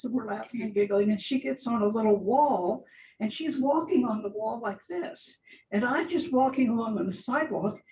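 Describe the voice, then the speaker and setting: Older lady telling stories over slides at church, laughs a lot, a bit far off from the mic, faint rumble. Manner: chatty and warm, laughs often. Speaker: church guest speaker showing slides. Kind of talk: informal slideshow talk. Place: large church hall. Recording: echoey hall, distant mic, faint rumble.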